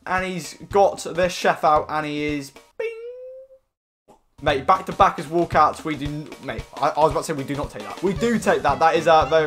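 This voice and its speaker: A young man with a slightly higher voice chats excitably through his game pack openings, swearing freely as he goes. Faint guitar music runs behind him. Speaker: gaming YouTuber. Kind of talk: casual pack-opening commentary.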